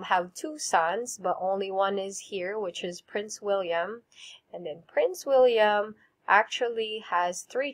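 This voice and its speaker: A woman teacher with a Filipino English accent, leading a recorded vocabulary lesson and having students repeat each word after her. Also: medium pitch. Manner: slow, clear drilling with repeat prompts.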